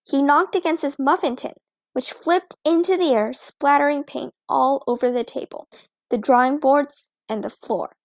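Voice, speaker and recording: High-voiced woman narrating a children's book. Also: moderate pace, dry recording. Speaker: audiobook narrator. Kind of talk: storybook narration.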